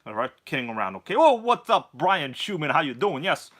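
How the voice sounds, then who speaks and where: Casting: hyped male livestream host with a bright, forceful voice pitched a bit high, chatty and jokey. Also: big pitch swings, brisk. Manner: hyped, jokey, swings between shouting and mumbling; greets viewers by name. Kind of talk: casual live stream chat.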